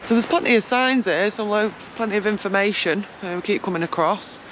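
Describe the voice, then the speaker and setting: Male travel vlogger, high voice, chatty and rambling, noisy outdoor recording with traffic. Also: a little fast, a bit bright. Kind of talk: casual chat. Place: outdoors by a beach.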